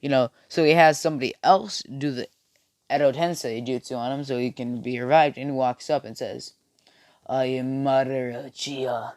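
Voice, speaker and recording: A man's voice: mid-range voice, steady tone, a little fast, dry recording, clean studio sound. A young man casually telling a made-up fan story, with many fillers and restarts. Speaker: video creator. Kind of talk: rambling fan-fiction storytelling.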